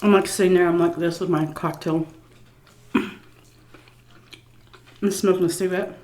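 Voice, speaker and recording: A woman's voice: lowish voice, fairly even intonation, a little slow, a little mellow. A woman vlogger telling a casual story-time tale, laughing often, blunt and profane, and embarrassed at herself. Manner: self-mocking, embarrassed confessional tone.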